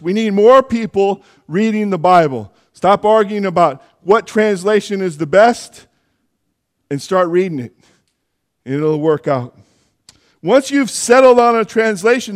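Guy with a high voice giving a chatty sermon at church, goes off on little asides. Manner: conversational, with asides and self-corrections. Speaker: preacher.

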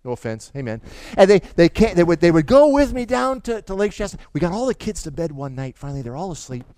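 A man's voice: high voice, fast talker, no echo. A middle-aged male pastor preaching a sermon. He tells stories with stammered restarts and keeps asking the congregation questions. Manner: animated storytelling with stammered restarts; asks the audience questions.

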